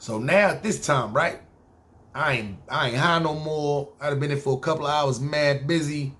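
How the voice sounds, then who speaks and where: A man with a New York accent telling his own story casually on a podcast, slangy and animated. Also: on the high side, moderate pace. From New York City.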